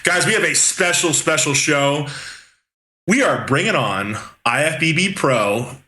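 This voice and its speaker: A man hosts the show with upbeat energy as he brings on his guest. His voice is bright and rather high, and it rings in an echoey room. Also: expressive, a little slow. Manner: upbeat, enthusiastic introductions. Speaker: podcast host. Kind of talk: hosting a talk show.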